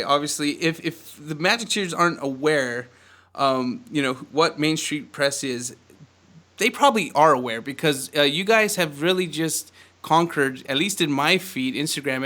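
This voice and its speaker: A man hosting a podcast in an energetic, fast-talking way, laughing often. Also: a little high. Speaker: podcast host. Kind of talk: casual upbeat podcast chat.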